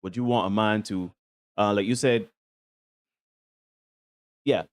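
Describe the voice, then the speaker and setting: A man's voice: fairly low pitch, steady tone, slow. A man hosting a casual podcast panel chat, asking long rambling questions with many restarts. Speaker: podcast host.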